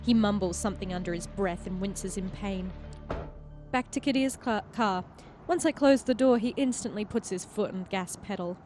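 A woman playing a story game, reading its text aloud as an expressive narrator and chatting between passages. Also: mid-range voice, normal speed, soft background music. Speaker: player and host of a game playthrough.

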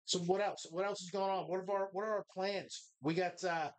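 A man's voice: sits high, fairly even intonation, a little fast. A man hosting a live bar show, chatting casually in a rambling, profane, jokey way.

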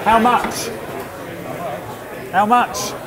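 A man's voice: sits high, steady tone, very slow. A man hosting and teasing his guests at a tool trade show. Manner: joking, teasing. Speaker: host. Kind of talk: casual chat interview. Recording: noisy crowd behind.

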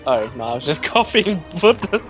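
A young man co-hosting a let's play, chatting in an excitable way and laughing often, over a headset or desk mic. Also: mid-range voice, a little slow, over music. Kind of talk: casual gaming chat.

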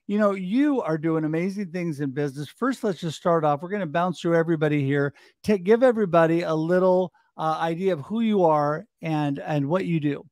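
A man hosting a live business talk show, enthusiastic and high-energy, talking straight to his audience. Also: a little fast, hardly any pauses, darkish tone, no echo, studio quality. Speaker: host.

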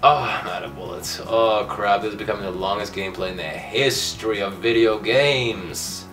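A man commentating his own gameplay for a comic video, loud and excitable, ranting and yelling at the game, his voice going hoarse. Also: fairly low pitch, normal speed, few pauses, far from the mic, music in the background. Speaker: gaming video host.

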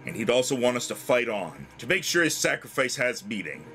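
A man's voice: medium pitch, sing-song, brisk, pushed and bright, a little hiss or hum. A man voicing a resolute young prince leading a rebellion, declaiming earnestly. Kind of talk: amateur voice-over of game dialogue.

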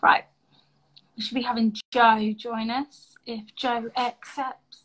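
A woman's voice: a little high, flat delivery, slow, a bit bright. A woman in her twenties hosting a casual live-stream chat on her phone, chatty and enthusiastic. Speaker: host of an Instagram Live chat. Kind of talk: casual video-call chat.

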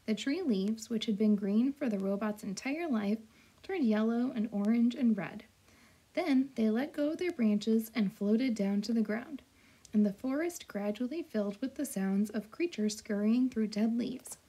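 A woman reads a children's storybook aloud in a gentle, measured way, her voice sitting a bit high. The tone is mellow and dark rather than bright, with a soft husky edge.

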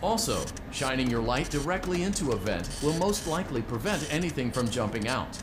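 An actor playing a game character who calmly briefs a new employee on his shift duties in a scripted voice-over. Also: medium pitch, fairly quick, close to an everyday voice. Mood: instructive. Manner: calm instructional briefing. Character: male manager giving a night-shift briefing. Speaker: game guide voice on a phone recording. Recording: game audio with loud background noise.

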